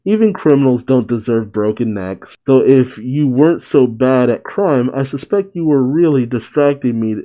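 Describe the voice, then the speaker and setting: A man's voice: medium pitch, animated, normal speed, hardly any pauses, phone-quality sound, close to an everyday voice. A man voicing a cocky, wisecracking male hedgehog hero in a comic read-aloud, with smug, quippy banter.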